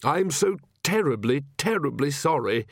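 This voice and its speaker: Man putting on a jittery young priest, stammering, hesitant, higher voice, slow dragging words. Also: sing-song, gravelly, no echo, studio quality, exaggerated voice. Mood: flustered. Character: nervous fretful young male priest.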